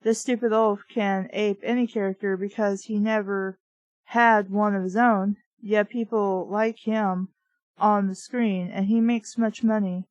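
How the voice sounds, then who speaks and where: A woman's voice: medium pitch, steady tone, measured pace, a little mellow, dry recording, highs cut off, natural voice. A blunt, boozy wife who teases her husband without mercy, as a woman reads her out. The voice stays near a plain reading tone, recorded dry and up close. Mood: mocking. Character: blunt tipsy actor's wife, mocking.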